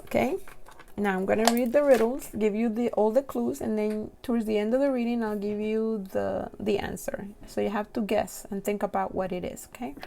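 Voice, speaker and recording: A young woman with a non-native English accent giving a casual tarot reading to camera, giggling often and reading card text slowly and carefully. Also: a little high, gravelly, warm tone, slight background noise.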